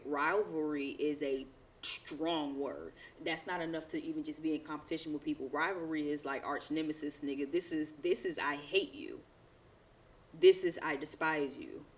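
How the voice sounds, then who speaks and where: A woman's voice: sits low, a little hiss or hum. A woman doing a casual tarot reading, talking in slangy, profane, rambling asides and laughing often. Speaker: tarot reader.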